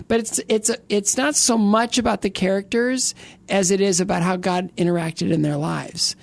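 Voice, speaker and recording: Rambling middle-aged man with gravelly voice. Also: high-pitched, steady tone, moderate pace, no echo. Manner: rambling, restarts sentences, joking asides. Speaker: interview guest. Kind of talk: casual interview, personal testimony.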